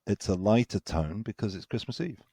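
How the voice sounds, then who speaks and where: A man's voice: lowish voice, brisk, warm tone, no room sound, clean studio sound. A man co-hosting a podcast, wondering aloud in a playful way and steering the talk. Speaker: podcast co-host. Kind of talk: casual discussion.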